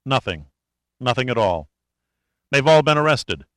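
A man's voice: mid-range voice, sing-song, unhurried, a bit bright, no echo. Weary, tough male adventurer, read by a narrator. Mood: grim. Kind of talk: audiobook character reading.

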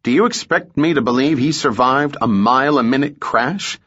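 A man voicing a calm, polite frontier detective with a dry, composed delivery, in a muffled audiobook recording. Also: mid-range voice, normal speed, pitched above the performer's own voice, lightly acted.

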